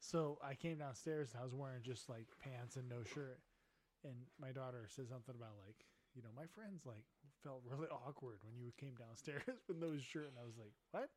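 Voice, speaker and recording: A middle-aged podcast co-host with a mid-range, darkish voice tells a casual drunken story at a brisk pace. He's boisterous and profane, laughing as he talks.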